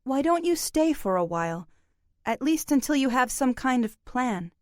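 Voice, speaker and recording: A woman voicing a sharp, insistent young woman. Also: high voice, very animated, normal speed, no echo, studio quality, voice pushed up. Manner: pointed, insistent questions. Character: young woman, a former high schooler, tough and insistent. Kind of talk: audiobook character voice.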